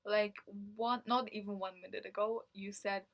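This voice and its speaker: A woman's voice: mid-range voice, little pitch movement, moderate pace. A woman from Germany, a native German speaker, talking casually to camera, telling a story with frequent laughs and fillers. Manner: chatty, laughs often, many fillers like "like". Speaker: vlogger.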